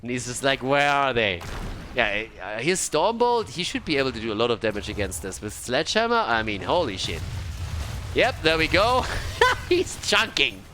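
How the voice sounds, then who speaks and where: A man casting an esports match play-by-play, excitable and laughing often, with casual swearing. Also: mid-range voice, moderate pace, a little hiss or hum. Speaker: esports caster. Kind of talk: play-by-play commentary.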